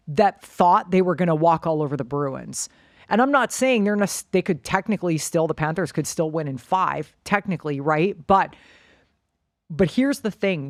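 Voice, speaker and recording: A woman's voice: lowish voice, no echo, clean studio sound. Blunt, opinionated woman co-host. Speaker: podcast co-host and coach. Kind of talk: sports talk podcast.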